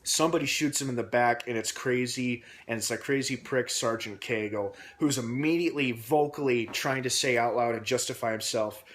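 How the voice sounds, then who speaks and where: A man recapping a TV episode in a casual, rambling vlog with many pauses and fillers. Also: medium pitch, a little hiss or hum. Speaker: TV episode reviewer.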